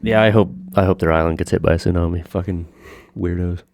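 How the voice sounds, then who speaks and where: Man, podcast co-host, casual chat, low voice, crude joking, dry close sound. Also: fairly even intonation, fast talker, vocal fry, darkish tone, no room sound. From Canada. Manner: crude, profane and joking, explains things at length.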